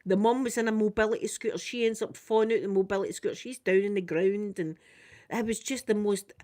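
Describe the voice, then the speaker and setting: Chatty Scottish woman, soft ASMR talk. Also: medium pitch. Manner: chatty storytelling, quick, laughs often, soft-spoken. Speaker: ASMR creator doing makeup. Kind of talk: casual ASMR chat.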